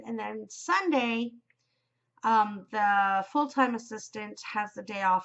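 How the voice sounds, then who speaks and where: A woman's voice: medium pitch, gravelly, a bit bright, highs cut off. A middle-aged woman from Canada hosting her own podcast in a casual, chatty, upbeat way, with frequent ums. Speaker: podcast host. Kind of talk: casual solo podcast chat.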